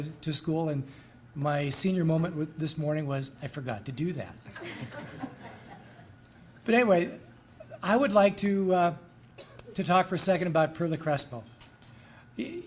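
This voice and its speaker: A middle-aged man, a school administrator, giving a folksy, rambling ceremony introduction with self-deprecating asides. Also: on the high side.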